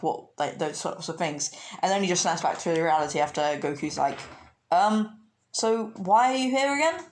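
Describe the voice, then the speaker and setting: A woman casually retelling a fan story, rambling with lots of fillers and giggles. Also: sits low.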